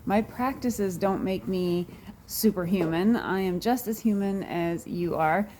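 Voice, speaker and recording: A woman hosting a wellness talk, speaking earnestly and emotionally about a personal experience, with sighs and pauses between thoughts. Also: mid-range voice, darkish tone, a little hiss or hum. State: near tears. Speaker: wellness show host. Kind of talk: personal reflective talk to viewers.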